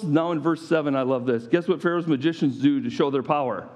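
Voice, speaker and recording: A man preaching a sermon, animated and playful, acting out scripture with mock voices. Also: a little high, fast, few pauses. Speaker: pastor.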